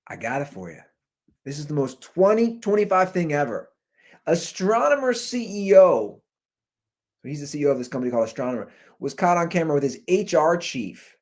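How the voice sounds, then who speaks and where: A man hosting a podcast, giving animated, jokey commentary on viral videos through a computer's built-in microphone. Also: on the high side. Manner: animated, jokey, talks over clips. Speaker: podcast host. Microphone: computer's built-in mic.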